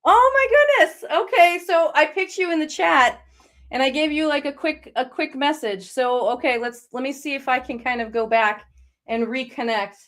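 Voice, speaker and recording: High-voiced, reassuring psychic host. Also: female voice, normal speed, fairly bright tone. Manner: reassuring, encouraging. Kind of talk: live online psychic reading.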